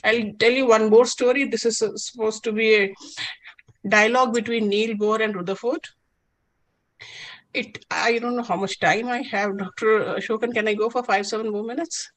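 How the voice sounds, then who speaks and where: A woman's voice: on the high side, steady tone, normal speed, rough recording. A woman giving an inaugural science talk as guest speaker, telling stories and asking questions earnestly. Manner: earnest, question-driven storytelling. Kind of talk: inaugural lecture storytelling.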